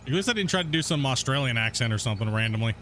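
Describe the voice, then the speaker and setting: A man's voice: medium pitch, expressive, rapid-fire, pushed and bright, slight background noise. A young man casually chatting while he streams a game, laid-back and laughing at himself, cursing freely. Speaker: gaming streamer. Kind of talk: casual live-stream chat while playing.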